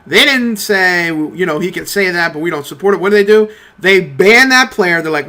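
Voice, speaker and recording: A young man rambling through a profane, animated story while commentating a mobile game he is playing. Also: high-pitched, moderate pace, few pauses. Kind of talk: casual gameplay commentary rant.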